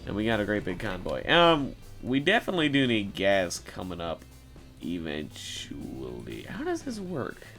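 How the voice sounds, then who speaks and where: A young man rambles casually over a trucking game, sarcastic and foul-mouthed, with frequent laughs. His voice is bright and forward, and his pitch swings widely as he talks, with faint music underneath. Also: huge pitch swings, moderate pace, vocal fry. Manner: rambling, sarcastic, swears a lot, laughs often. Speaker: gaming YouTuber.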